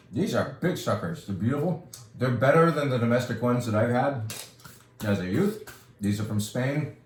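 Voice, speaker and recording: This wine shop video features a California man giving a casual product chat and wine tutorial, enthusiastic and rambling with jokes on the side. His mid-range voice is expressive and moves at normal speed in a reverberant space.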